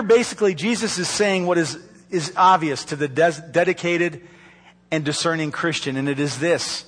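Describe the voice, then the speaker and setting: A man preaching a sermon from a church pulpit, earnest and pleading, slowing down to stress key words. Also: high voice, big-room sound. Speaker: pastor. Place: church sanctuary. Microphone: microphone.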